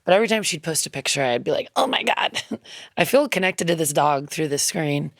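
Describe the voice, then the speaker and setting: A woman's voice: low voice, animated, brisk, creaky, no echo. A woman musician, a guest in a radio studio, telling a heartfelt story in a chatty, loose way full of ums and quoted asides. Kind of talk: casual interview storytelling.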